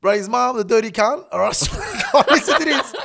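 Gravelly, swearing man telling stories. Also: very high voice, fast talker. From Australia. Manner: profane, animated storyteller, laughs mid-story. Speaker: guest. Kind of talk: casual storytelling.

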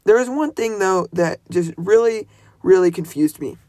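A man's voice: high voice, moderate pace, darkish tone, no room sound. Chatty man musing about a movie. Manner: chatty, self-correcting musing. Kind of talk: casual movie commentary.

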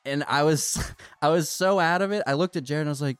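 A man's voice: fairly high pitch, fast talker, smooth, dry recording. A young man hosts a podcast and spins a rambling story, laughing and tripping over his words. His voice sits mid-range. The recording is dry, with faint music underneath. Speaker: podcast host. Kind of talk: casual chat, storytelling.

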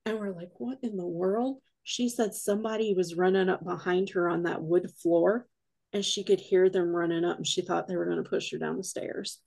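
Gravelly-voiced woman telling ghost stories. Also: fairly low pitch, moderate pace. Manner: rambling, animated retelling with quoted dialogue. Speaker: guest, paranormal investigator. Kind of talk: casual podcast storytelling.

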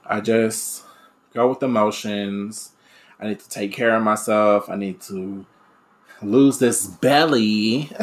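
A man's voice: on the low side, a bit bright. A young man talking candidly in a personal reflective monologue, rambling with many fillers and restarts. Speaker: aspiring radio DJ and podcaster.

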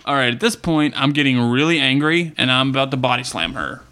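A man's voice: mid-range voice, lively intonation, a little fast, bright, forceful tone. A man playing a tabletop improv game, brash and crude. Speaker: player. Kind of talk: improvised role-play.

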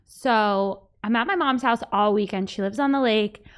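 A woman's voice: mid-range voice, moderate pace, smooth. A woman hosting a podcast, chatting casually and laughing easily. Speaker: podcast host. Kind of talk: casual chat.

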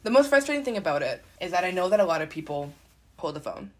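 A woman's voice: fairly low pitch, big pitch swings, fast talker, darkish tone. A young woman co-hosting a podcast in casual chat, tearful and laughing through her tears as she talks. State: crying at times. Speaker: podcast co-host.

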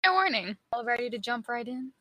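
A young woman with a British accent hosts a podcast in casual chat, loose and giggly, stumbling through notes with plenty of ums. Her tone is bright and forward, slightly strained as if her voice is wearing out. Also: fairly high pitch, animated, fairly quick, no echo, highs cut off. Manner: giggly, rambling, lots of ums. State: losing her voice. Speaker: podcast host.

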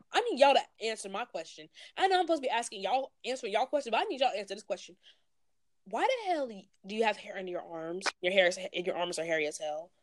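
A young woman talks on a podcast in a blunt, ranting, slangy way. Her voice sits at an ordinary middle pitch. The sound is dry and close. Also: no echo. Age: 20s. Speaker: podcast co-host. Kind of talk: casual podcast chat.

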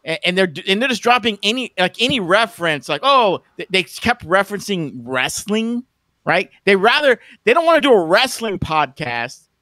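A man's voice: high-pitched, big pitch swings, moderate pace, bright, forceful tone, no echo, clean studio sound. A man co-hosting a livestream, ranting casually at the chat, stammering and repeating words, with mocking put-on voices. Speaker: livestream co-host.

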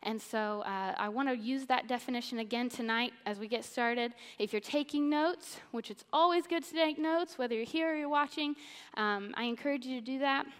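Effusive and upbeat, this Missouri woman delivers sermon-style Bible teaching as a church speaker, sounding earnest and enthusiastic in a slightly high voice. She's in a big church auditorium, and the recording carries a long hall reverb.

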